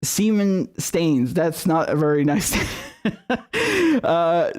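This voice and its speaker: A man's voice: a little high, slow, a little mellow, clear, resonant tone. A man hosting a political livestream, reading viewer messages and then ranting in an angry, profane, repetitive way. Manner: profane, angry, repeats himself. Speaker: political commentary host.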